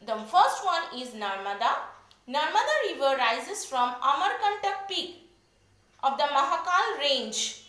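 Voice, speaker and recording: Animated Indian woman teaching geography. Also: high-pitched, echoey room. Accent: Indian English. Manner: repeats key points slowly, spells words out. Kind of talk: classroom lecture.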